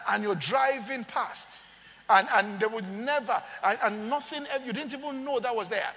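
Pastor guy preaching, animated stories, keeps asking if you're following, kinda dull lo-fi sound. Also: very high-pitched, moderate pace. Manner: animated storytelling, often asks the crowd if they follow. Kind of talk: sermon. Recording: long hall reverb, dull lo-fi sound.

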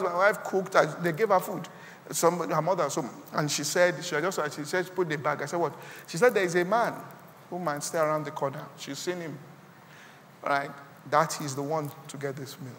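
A man with a Nigerian accent preaching a sermon as pastor, swinging from quiet asides to loud, rising exclamations. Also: a little high, in a large hall, slight background noise. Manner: preaching with sudden loud rises and quiet drops.

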